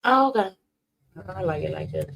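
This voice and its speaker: Woman host, low-pitched, sassy and animated gossip commentary. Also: moderate pace, creaky. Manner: sassy and animated, reacting loudly.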